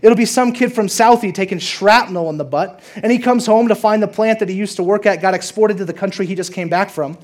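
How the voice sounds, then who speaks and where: A man's voice: high-pitched, fairly quick, few pauses, voice pushed up, close to an everyday voice. A man reading a movie monologue aloud, voicing a brilliant, bitter young working-class man in a long sarcastic rant. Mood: sardonic.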